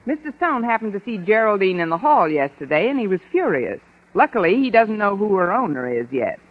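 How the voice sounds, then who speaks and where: An actress playing a quick-witted, flustered English teacher in a 1950s radio sitcom. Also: female voice, mid-range voice, very animated. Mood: playful. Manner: wisecracking, flustered, giggly. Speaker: schoolteacher. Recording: muffled old radio broadcast with audience.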